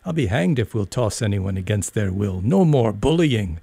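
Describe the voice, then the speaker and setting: A man's voice: on the low side, sing-song, normal speed, creaky, warm tone, breathy edge, no room sound, clean studio sound, full character voice. A man voicing an older schoolboy who firmly objects to the bullying. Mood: protesting. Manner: firm, protesting.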